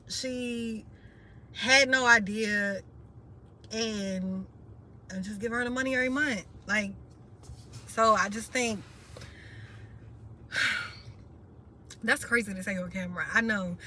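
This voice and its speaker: A young woman from D.C. opens up in an interview with a bright, forceful voice pitched a little high. She talks frankly in loose slang, emotional and close to tears in places. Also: slight background noise. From Washington, D.C. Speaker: interview guest, rapper and content creator. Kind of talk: candid personal storytelling.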